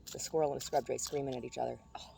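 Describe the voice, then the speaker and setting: A woman's voice: extremely low pitch, steady tone, rapid-fire, creaky, warm tone, slight background noise. A woman vlogger chatting casually outdoors among the trees, rambling and self-deprecating, laughing at her own jokes. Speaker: vlogger doing tarot card readings.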